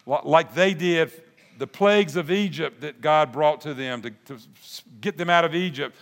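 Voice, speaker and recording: Folksy preacher in a reverberant hall. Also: male voice, on the high side, smooth. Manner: folksy, animated preaching with restarts and asides. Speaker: pastor. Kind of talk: sermon.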